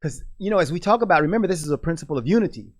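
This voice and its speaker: A man's voice: fairly high pitch, animated, very fast, no echo, clean studio sound. A middle-aged man co-hosting a radio talk show, talking earnestly in a casual discussion with lots of restarts.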